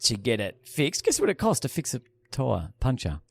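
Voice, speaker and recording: Australian man, podcast co-host, lively pitch, dry close sound, sweary storytelling. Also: normal speed, creaky, husky, no room sound. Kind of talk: casual banter.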